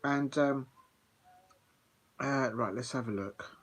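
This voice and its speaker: A man's voice: medium pitch, takes it slowly, husky. A man hosting a live football watch-along, chatty and rambling with plenty of fillers. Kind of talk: casual live commentary.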